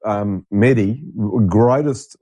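A man's voice: lowish voice, takes it slowly, mellow, no echo. Swearing Australian man in casual chat. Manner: loose, swearing, many restarts. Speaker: podcast co-host.

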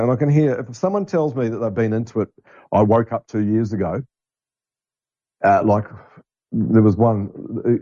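A middle-aged man rambles bluntly through a casual podcast monologue and swears without a second thought. His voice is low, mellow and a little husky. The recording is dull and lo-fi, with a dry sound. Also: no echo. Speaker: podcast host.

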